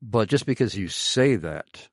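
A man hosting a conversational talk show, speaking slowly and deliberately with many pauses and fillers. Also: lowish voice, lively intonation, no echo, studio quality. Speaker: podcast host.

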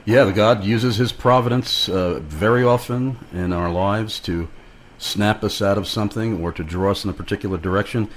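Very deep-voiced male radio host. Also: normal speed, slight background noise. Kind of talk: Christian talk radio interview.

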